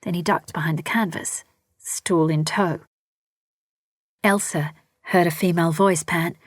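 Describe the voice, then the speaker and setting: A woman narrating a historical story in a steady, measured reading. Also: fairly low pitch, no room sound, studio quality. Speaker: audiobook narrator. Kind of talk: scripted narration.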